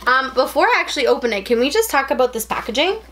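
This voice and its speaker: A young adult woman chatting at home as she unboxes a package, gushing and gasping with excitement as she rambles on. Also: sits high, quick pace, background noise. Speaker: unboxing vlogger.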